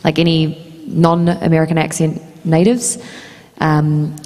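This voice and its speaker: A woman's voice: low-pitched, fairly even intonation, a little slow, darkish tone. A woman with a New Zealand accent speaking casually as a guest on a convention panel, chatty and laughing often. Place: large convention hall. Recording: reverberant convention hall PA.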